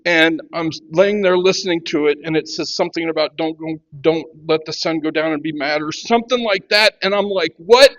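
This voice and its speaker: A man in his fifties giving a halting personal testimony, full of restarts, who grows animated as he retells a quarrel. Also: a little high, muffled recording. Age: 50s. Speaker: workshop participant sharing testimony.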